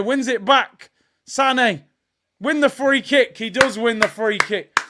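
Animated high-voiced man. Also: unhurried. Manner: animated, frustrated, shouts at players. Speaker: fan watch-along host. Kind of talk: live match watch-along commentary.

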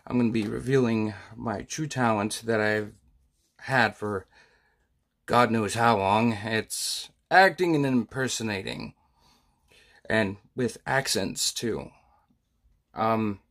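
A man casually introducing his video as a vlogger, low-key and relaxed.

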